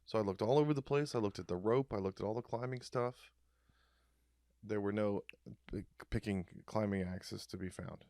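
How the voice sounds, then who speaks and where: A man co-hosting a casual comedy podcast, telling dark jokes in a deadpan, rambling way. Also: fairly low pitch, normal speed, dry recording, studio quality. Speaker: podcast co-host.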